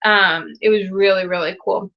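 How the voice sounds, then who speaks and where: A young woman hosting a casual live Q&A, chatting warmly and gushing with excitement over viewers' news. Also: mid-range voice, moderate pace, dull audio. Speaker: live Q&A host. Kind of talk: casual live-stream chat.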